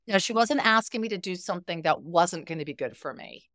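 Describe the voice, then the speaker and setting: Middle-aged lady telling stories on a podcast, lowish voice, dry close mic, does all the voices. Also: a little fast, no room sound. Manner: expressive storyteller, acts out quoted dialogue. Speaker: guest, therapist. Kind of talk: podcast conversation.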